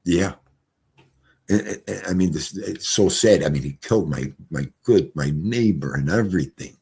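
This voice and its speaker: A middle-aged man telling stories casually on a livestream, animated, swinging from loud exclamations to quiet mutters. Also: deep voice, moderate pace, creaky, breathy edge. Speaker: streamer.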